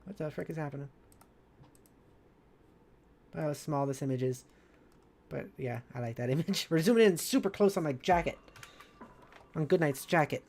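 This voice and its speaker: A woman's voice: sits low, normal speed, long pauses, darkish tone. A woman streamer chatting casually and rambling, with many fillers and a bubbly, giggly manner. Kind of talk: casual live-stream chat.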